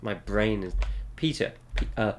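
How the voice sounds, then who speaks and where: A man's voice: fairly low pitch, unhurried, slight background noise. A young man streaming a game, thinking aloud and muttering, with frequent swearing as he puzzles out clues. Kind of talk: thinking aloud while playing.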